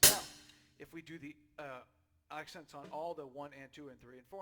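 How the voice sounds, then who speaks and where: A man giving a casual drum lesson, chatty and relaxed, checking in with "okay?" and "right?" as he explains. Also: on the high side, a little fast, loud music behind the voice. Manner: counts beats aloud loudly while drumming. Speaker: drum teacher. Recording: drum kit playing behind the voice.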